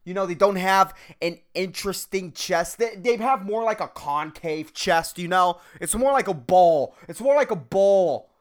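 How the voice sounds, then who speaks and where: A man's voice: high voice, a bit bright. A man in his thirties hosting a solo podcast, rambling and swearing, jumping from topic to topic and calling the listener "dude.". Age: 30s. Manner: rambling, profane, says "dude" and "man" constantly; jumps between topics, self-mocking. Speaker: podcast host. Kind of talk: solo casual rant.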